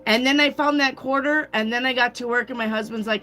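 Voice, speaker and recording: A woman's voice: high-pitched, a little fast, few pauses, bright, forceful tone, soft background music. A woman giving a casual live tarot reading, chatty and swearing freely as she calls out viewers by name. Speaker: tarot reader.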